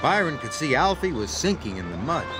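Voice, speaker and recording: A man narrating a children's storybook aloud in an expressive, sing-song way. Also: on the high side, brisk. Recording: read-aloud over background music. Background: music.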